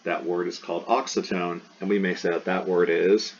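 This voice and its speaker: A man with a very low voice gives a recorded lesson and sounds enthusiastic about the subject. He says key terms slowly and repeats them. The recording is dull and lo-fi, with a faint hiss behind him. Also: fairly even intonation. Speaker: Greek teacher.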